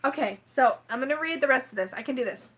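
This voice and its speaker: A woman's voice: high voice, lively intonation, fast talker, a bit bright, husky. A woman hosting a tarot live-stream unboxing at home, chatty and emotional, often laughing through tears. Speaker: tarot livestream host.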